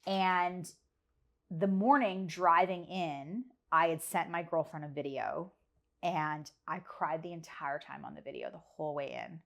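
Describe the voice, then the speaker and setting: A woman's voice: low voice, fairly even intonation, a little slow, vocal fry, fairly bright tone. A woman speaking as a podcast guest, telling a personal story candidly, with earnest emphasis and repeated phrases. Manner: candid about struggles. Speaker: podcast guest, business leader.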